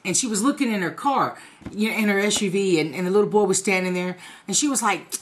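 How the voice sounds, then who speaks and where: A woman's voice: mid-range voice, lively intonation, fast talker. A woman in her forties telling a story in a casual, profane, laughing way to her viewers. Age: 40s. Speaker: vlogger.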